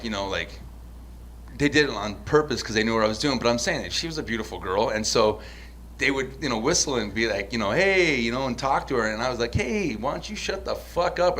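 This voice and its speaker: A man's voice: medium pitch, fairly bright tone, a little hiss or hum. An American man in his forties on a podcast, telling a casual, profane story full of restarts. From United States. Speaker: podcast host.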